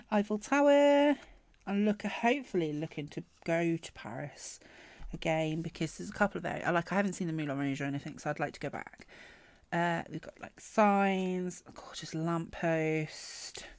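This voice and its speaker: A woman chatting casually through a planner sticker unboxing, gushing and excitable, often trailing off mid-sentence. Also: sits low, no echo. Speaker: planner vlogger.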